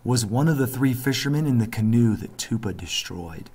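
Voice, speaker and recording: A man reading aloud, voicing an old island grandfather from a storybook who tells tales in a low, hushed, solemn way. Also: lively intonation, normal speed, breathy edge. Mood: grave.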